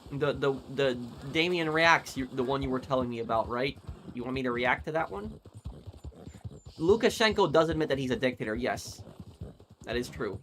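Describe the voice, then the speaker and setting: A young man talks loosely at an ordinary mid pitch while he plays and reads viewer comments. His chat is rambling and wanders off on tangents. A faint noise sits under his voice. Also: expressive, normal speed, fairly bright tone. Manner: rambling, digressive. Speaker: gaming streamer. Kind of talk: casual chat reading live comments while gaming.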